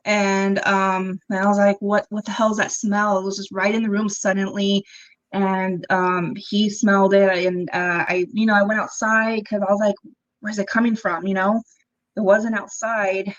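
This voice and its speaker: A young woman chatting as a guest on a podcast, telling her own story with plenty of ums and quick laughs. She acts out the lines of the people in it as she goes. Her voice sits at an ordinary middle pitch, and the sound is a little dull and lo-fi. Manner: animated, acts out quoted dialogue, frequent ums and laughs. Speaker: interview guest. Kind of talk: casual storytelling conversation.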